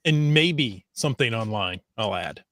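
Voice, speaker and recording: A man's voice: on the low side, lively intonation, unhurried, fairly bright tone, no echo. An easygoing man co-hosting a podcast, reading out listener comments and reminiscing in casual chat. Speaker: podcast co-host.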